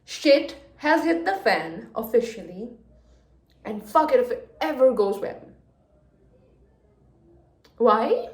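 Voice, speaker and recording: A young woman reacting emotionally to a book in a casual reading vlog, going from hushed gushing to loud exasperation. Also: a little high, very animated, slow, pauses often. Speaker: book vlogger. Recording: echoey room.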